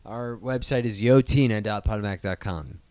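A man's voice: fairly low pitch, brisk, a little mellow, no echo. A man co-hosting a casual podcast, talking in a jokey, profane, rambling way. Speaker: podcast co-host.

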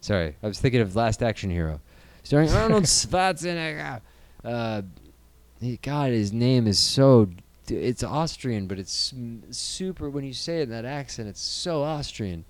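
A man's voice: medium pitch, normal speed, dry recording. A man co-hosting a casual movie news show, rambling and sarcastic, swearing often. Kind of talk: casual profane banter.

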